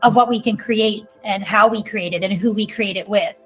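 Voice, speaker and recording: A woman's voice: mid-range voice, steady tone, moderate pace, fairly bright tone, faint music behind, low-quality recording. A woman guest talking in a casual conversational way, full of "like" and "you know".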